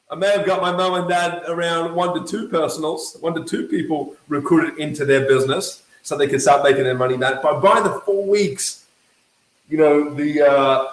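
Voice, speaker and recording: Australian man, fairly high voice, energetic storyteller, roomy echo. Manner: energetic, acts out quoted voices. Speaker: network marketing coach. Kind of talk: animated motivational storytelling.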